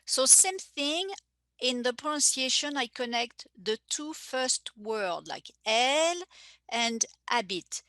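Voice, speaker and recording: Slow, bright-voiced teacher woman. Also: fairly high pitch, animated, no room sound. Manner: slow, careful, repeats phrases for learners. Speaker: French teacher. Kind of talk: live online language lesson.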